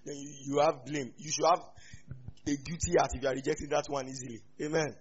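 A man with a Nigerian accent preaching a sermon as a pastor, animated, with sudden loud rises. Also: a little high, fast, lo-fi sound, slight background noise.

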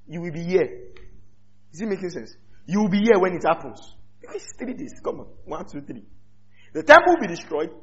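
A man's voice: high-pitched, fairly bright tone. A man preaching a sermon, teaching with rhetorical questions to his congregation. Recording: slightly dull lo-fi recording.

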